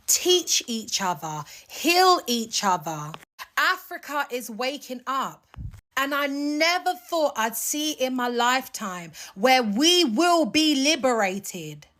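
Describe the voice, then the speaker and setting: A woman's voice: high-pitched, a bit bright. A woman giving an impassioned, rousing speech to camera. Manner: rousing, rallying. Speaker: social media commentator.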